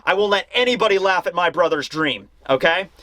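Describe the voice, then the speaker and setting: A man's voice: high voice, expressive, brisk, pushed and bright, no room sound. A man voicing a young male pirate who is flustered and defensive about his brother. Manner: embarrassed and protective.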